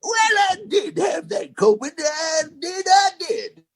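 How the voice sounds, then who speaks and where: A man's voice: very animated, slow pace, vocal fry, shouting, exaggerated voice. A man putting on the voice of a crusty old Old West gold prospector, talking as if his mouth is full. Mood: cranky. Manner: high, drawling, mouth-full old-timer voice.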